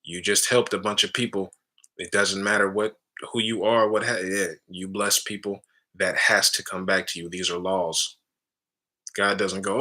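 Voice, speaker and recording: A man's voice: low voice, little pitch movement, normal speed, bright, forceful tone. A man giving a casual spiritual teaching talk, calling listeners family and often adding "right?". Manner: casual, addresses listeners as family, frequent tag questions.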